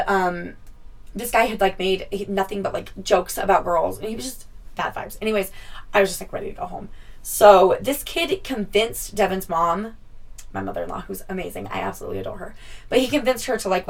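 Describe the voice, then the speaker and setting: Far from the mic, a young woman with a mid-range voice tells her viewers a casual story. She's chatty, swears often, and acts out what people said.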